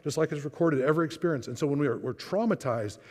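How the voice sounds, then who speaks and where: In a reverberant church hall, a man with a fairly high voice speaks fast, giving a conversational seminar talk on trauma. He voices inner thoughts aloud as quoted dialogue.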